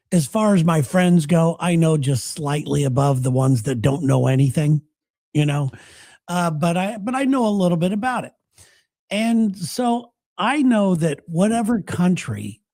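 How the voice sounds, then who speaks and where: A man's voice: fairly high pitch, warm tone, no room sound, studio quality. A man co-hosting a casual podcast chat, thinking aloud in a rambling way with frequent restarts. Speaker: podcast co-host.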